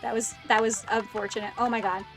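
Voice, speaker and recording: A woman in her twenties chatting excitedly on a gaming livestream, making self-deprecating asides into a close desk microphone. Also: a little high, brisk, faint music behind. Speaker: streamer. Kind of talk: casual gaming livestream chat.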